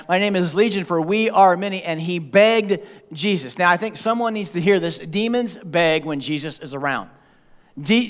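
A man preaching a sermon as pastor, animated and joking as he tells the story. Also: high-pitched. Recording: long hall reverb.

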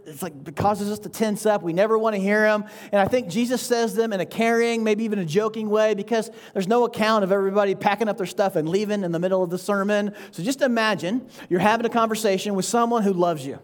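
A man's voice: sits high, fast talker, few pauses. A man giving a sermon as pastor, talking in a conversational way, often checking in with "right?" and chuckling between points.

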